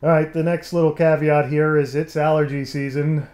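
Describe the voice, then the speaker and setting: Mellow-voiced man hosting a live stream. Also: a little high, level tone, normal speed. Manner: rambling, self-deprecating, many fillers. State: scratchy, nasal from allergies. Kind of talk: casual live stream talk. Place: home. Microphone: desk mic.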